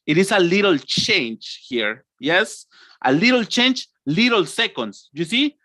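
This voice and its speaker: A man, teaching an online English lesson, acting out emotions and stretching words slowly. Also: sits high, very animated, sharp tone, dry recording.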